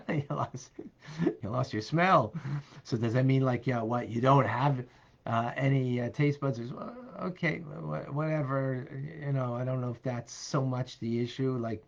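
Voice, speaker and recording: A man teaching as a rabbi, answering a question casually with many fillers and soft laughs. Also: mid-range voice, a little slow, gravelly, lo-fi sound.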